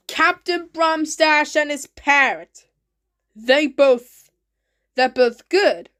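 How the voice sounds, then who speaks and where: High-voiced excited woman narrating. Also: takes it slowly. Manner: excited, simple repetitive phrasing. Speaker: channel host. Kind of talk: casual narrated video.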